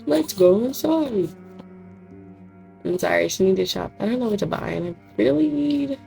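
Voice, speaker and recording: A woman's voice: medium pitch, lively intonation, moderate pace, vocal fry, mellow, faint music behind. A young woman with a scratchy voice giving joking, self-mocking commentary while playing a horror game. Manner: jokey, self-mocking, giggly asides. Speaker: gamer. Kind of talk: let's play commentary.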